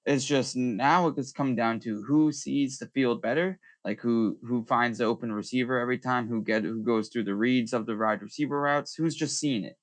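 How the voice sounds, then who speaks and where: A man co-hosting a sports podcast, thinking aloud in a measured way with many fillers. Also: medium pitch, fairly even intonation, no echo. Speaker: podcast co-host. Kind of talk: casual sports talk.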